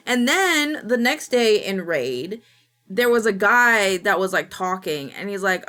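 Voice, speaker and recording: A woman's voice: medium pitch, expressive, moderate pace, fairly bright tone. A woman streamer chatting casually with her viewers, telling rambling stories and swearing casually. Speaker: Twitch streamer.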